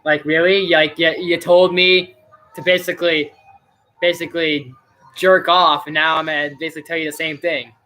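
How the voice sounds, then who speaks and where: A man's voice: a little high, level tone, normal speed, sharp tone. A man hosting a casual live stream and reviewing a movie, rambling chattily with plenty of fillers.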